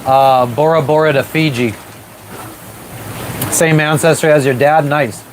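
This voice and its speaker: Brief: male sailing vlogger, loose rambling live-chat delivery, slightly high voice, noisy ocean wind and waves behind. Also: measured pace. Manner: relaxed, rambling, eating while talking. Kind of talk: casual live stream chat. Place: sailboat at sea. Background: waves and boat noise.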